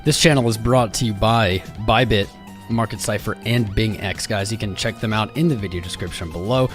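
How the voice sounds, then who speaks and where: A relaxed American man hosts a casual live stream, chatting loosely and greeting viewers by name. His voice sits on the low side and is a touch hoarse. Faint music plays behind him. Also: brisk. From United States. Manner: laid-back, greets chat by name, rambling. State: slightly losing his voice. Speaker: crypto livestream host. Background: music playing.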